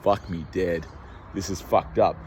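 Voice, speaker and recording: Low-voiced, agitated Australian man rambling. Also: fairly even intonation, unhurried, darkish tone, slight background noise. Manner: rambling, agitated, heavy swearing. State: scared and on edge. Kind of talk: rambling monologue to camera. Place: outdoors on a city street, walking and pacing.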